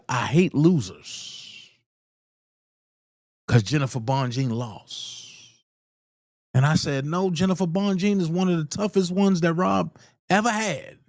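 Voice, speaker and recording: This live commentary host, with a mid-range voice, starts with viewer shout-outs before speaking bluntly and heatedly, hammering his points through repetition. The recording is dry with clean studio sound.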